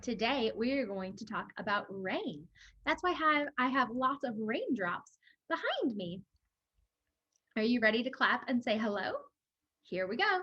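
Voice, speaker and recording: A woman librarian leading a children's storytime, reading a picture book aloud in a slow, animated way and asking the young listeners questions. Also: a little high, breathy edge, dry recording, highs cut off.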